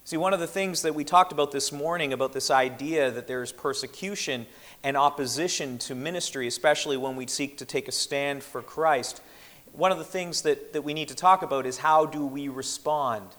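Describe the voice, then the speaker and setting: Earnest preacher in a reverberant hall. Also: male voice, a little high, a bit bright. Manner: earnest, measured, with slowed emphatic quotations. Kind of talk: sermon.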